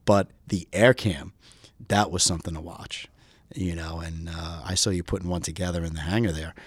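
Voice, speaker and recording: A middle-aged man chats casually as an interview guest. His voice sits low, he rambles with many fillers, and the sound is dry and close. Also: fairly even intonation, moderate pace, breathy edge, dry recording. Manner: rambling, heavy on "you know" fillers. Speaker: pilot guest.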